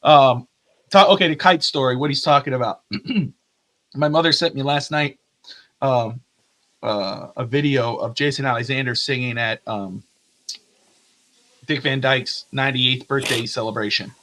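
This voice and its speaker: A man's voice: medium pitch, unhurried, long pauses, a bit bright. A man co-hosting a casual sports podcast, telling stories in a rambling way with many fillers and laughs. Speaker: podcast co-host. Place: lives in Tennessee.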